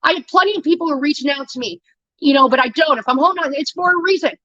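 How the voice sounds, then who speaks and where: A woman's voice: high voice, racing, a bit bright, no room sound, lo-fi sound. A woman livestreamer giving a heated, profane, defensive rant straight to her viewers. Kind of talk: angry ranting monologue.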